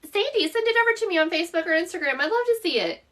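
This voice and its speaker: High-voiced Southern woman hosting a craft live. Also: animated, very fast, a bit bright, distant mic. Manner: chatty, explains steps while working and answers viewers by name. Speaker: craft shop owner hosting a live tutorial. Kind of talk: live-stream craft tutorial.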